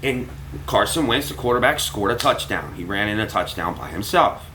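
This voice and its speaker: A man's voice: lowish voice, normal speed, slight background noise, low-quality recording. A man telling a story casually to his viewers, cursing freely and acting out what people said. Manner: animated, profane, acts out quotes. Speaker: vlogger.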